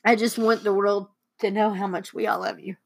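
A woman's voice: mid-range voice, level tone, brisk, vocal fry, slightly rough. A young woman, a daughter co-hosting, reading heartfelt letters aloud and fighting back tears. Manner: tearful, emotional reading. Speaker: co-host and daughter.

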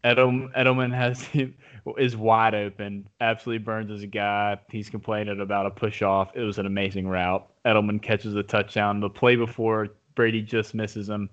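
A man in casual sports talk, telling a game story with excited, rambling restarts. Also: lowish voice, normal speed. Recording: dull lo-fi audio.

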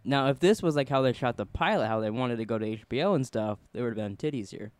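A man's voice: medium pitch, lively intonation, fast talker, darkish tone, smooth, no echo. A man co-hosting a podcast in casual chat, rambling and laughing often at himself. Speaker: podcast co-host.

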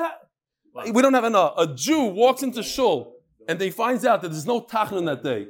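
A man's voice: sits high, very animated, moderate pace. A man, teaching a Talmud class and telling stories with Hebrew and Yiddish terms.

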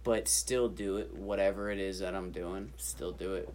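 A man's voice: low-pitched, fairly even intonation, moderate pace, a little mellow. A man co-hosting a casual chat, laid-back and repeating words as he gets going. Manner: laid-back, repeats himself when starting a thought. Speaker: podcast co-host.

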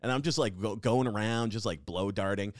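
A young adult man hosting a podcast, telling a comedic story in a rambling, animated way full of fillers and restarts. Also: fairly low pitch, a little fast, no echo, clean studio sound. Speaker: podcast host.

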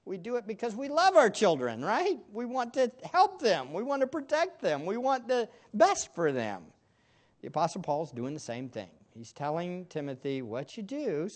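A male pastor preaching a sermon to a congregation, stressing words emphatically and then dropping into soft asides. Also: high-pitched. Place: church room with a congregation.

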